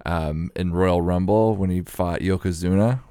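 A man's voice: low-pitched, a little slow, warm tone, dry recording. A man co-hosting a comedy podcast, earnest and rambling, drifting into absurd non sequiturs. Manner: earnest, rambling non sequiturs, laughs at his own jokes.

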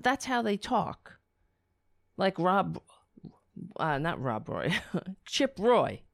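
A woman delivers solo commentary in an indignant, incredulous rant, throwing out rhetorical questions. Her pitch is animated and climbs high when outraged, though she speaks at an unhurried pace. The sound is dry and close. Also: no echo. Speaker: political commentator.

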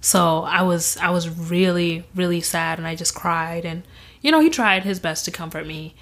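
A young woman as an interview guest, telling a personal story in an animated way and acting out what others said. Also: fairly low pitch, moderate pace. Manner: animated, acts out quoted voices, laughs often.

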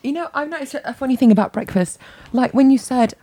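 A woman's voice: high-pitched, fast talker, dark tone, no room sound. Wry woman co-host. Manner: wry, teasing, many fillers. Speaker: podcast co-host. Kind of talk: casual chat.

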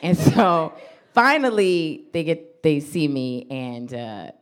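A woman comedian, telling a personal story on stage and acting out her own lines with laughs. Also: slow pace. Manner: animated, acts out her own quotes with big pitch jumps and laughs. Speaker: stand-up comedian. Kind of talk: live stand-up storytelling.

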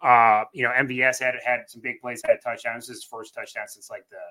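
A man co-hosting a casual sports podcast, rambling through game stats with fillers and a phlegmy, throat-clearing voice. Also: mid-range voice, little pitch movement, quick pace, bright, forceful tone. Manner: rambling, restarts and fillers, stat-heavy. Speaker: co-host, Chiefs fan.

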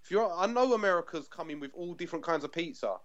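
A man's voice: on the high side, animated, highs cut off, crowd noise. A man with a London accent, a podcast guest who chats casually and laughs often. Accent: London English. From England. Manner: chatty, quick to laugh, full of restarts. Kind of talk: casual pop-culture chat.

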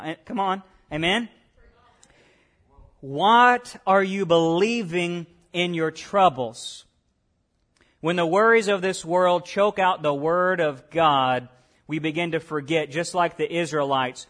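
Male pastor, high voice, conversational sermon delivery with rhetorical questions. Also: normal speed, fairly bright tone. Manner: conversational preaching, rhetorical questions, acts out quotes.

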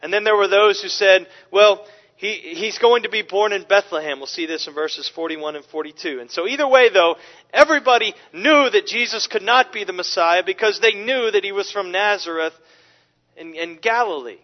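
Male preacher, emphatic sermon delivery, high voice, dull lo-fi recording. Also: a little fast. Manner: animated, emphatic, with frequent restarts. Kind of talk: expository sermon.

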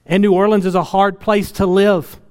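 A middle-aged man preaching a sermon, telling a personal story in an earnest way that swings from loud to hushed and tearful. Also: sits high, level tone, normal speed, clean tone, long reverb tail. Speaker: pastor.

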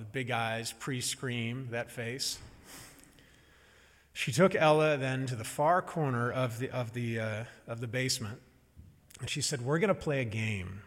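Middle-aged man telling a story in a hall. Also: medium pitch. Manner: animated, acts out quoted voices, pauses for effect. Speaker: speaker telling a family story to an audience. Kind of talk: storytelling talk on stage.

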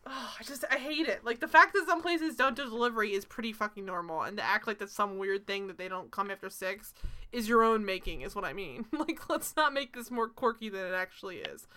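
A woman's voice: medium pitch, animated, fairly quick, bright, forceful tone. A young woman co-hosting a chatty TV recap show, gushing and swearing casually with lots of "like". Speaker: podcast co-host.

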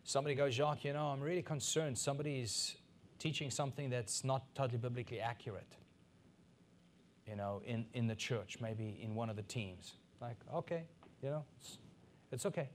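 A middle-aged man from Africa preaching a sermon as pastor, swinging between soft asides and loud, emphatic peaks. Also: mid-range voice, a little fast, slight background noise.

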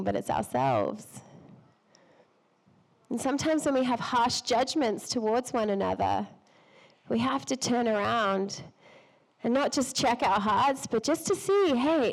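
A woman with a cold and a noticeable non-local accent preaches a sermon to women, chatty and self-deprecating, laughing often and sometimes losing her thread. Her voice is a little high with big pitch swings at normal speed, and the recording is rough.

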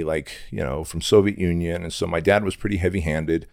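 A man's voice: low voice, fairly even intonation, a little fast, vocal fry, few pauses, darkish tone, no room sound, studio quality. A middle-aged man from Armenia, a podcast guest telling his story in a blunt, intense, candid way with casual swearing.

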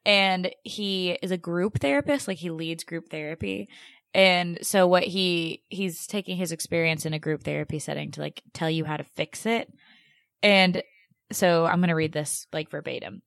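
A woman's voice: lowish voice, normal speed, creaky, fairly bright tone, no echo. A young woman co-hosting a casual podcast, chatty and sarcastic, with lots of "like" and dry asides. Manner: chatty, sarcastic, says "like" a lot. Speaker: podcast co-host.

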